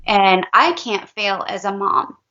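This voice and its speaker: A woman's voice: mid-range voice, takes it slowly, pushed and bright, muffled recording. A woman, a parent of a child with special needs, talking in an interview in an earnest, heartfelt way and repeating herself for emphasis. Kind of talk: emotional testimonial interview.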